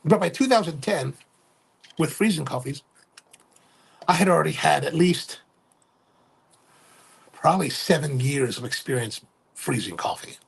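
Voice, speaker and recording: A man's voice: on the high side, lively intonation, unhurried, vocal fry, long pauses, breathy edge. A middle-aged man hosting a casual livestream, rambling and correcting himself as he talks, often checking in with "right?". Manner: rambling, self-correcting, keeps asking "right?". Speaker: livestream host and coffee retailer.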